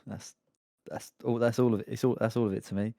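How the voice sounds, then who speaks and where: A man's voice: fairly low pitch, steady tone, fast talker, vocal fry, dark tone, no room sound, studio quality. A British man co-hosting a comedy podcast, bantering in a laid-back way and chuckling. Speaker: podcast co-host. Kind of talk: casual comedy podcast chat.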